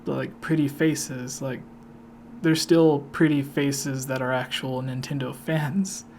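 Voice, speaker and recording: A man interviews a guest for his channel, his voice staying flat and level as he wanders through long, filler-filled questions. A faint hiss sits under the recording. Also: medium pitch, slow. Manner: rambling, filler-heavy questions. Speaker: YouTube interviewer. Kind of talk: casual interview chat.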